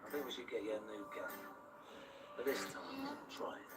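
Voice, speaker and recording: An actor playing a calm, menacing male crook, speaking with dry, unruffled menace. The audio is a film soundtrack played back on a livestream. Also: fairly low pitch, normal speed, natural voice. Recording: distant film audio with noise.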